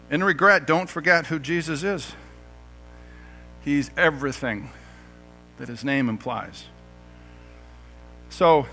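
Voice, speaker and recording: A middle-aged man preaching with a high, bright, forceful voice. He keeps it conversational, asking rhetorical questions and slipping in jokes. Soft music plays faintly behind him. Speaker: pastor. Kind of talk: sermon.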